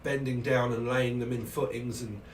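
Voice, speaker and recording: A man's voice: medium pitch, level tone, moderate pace. A middle-aged man with a Cambridgeshire English accent, chatting in a rambling way with viewers on his live tarot stream. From England. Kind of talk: casual livestream chat. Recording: roomy, distant mic, faint noise.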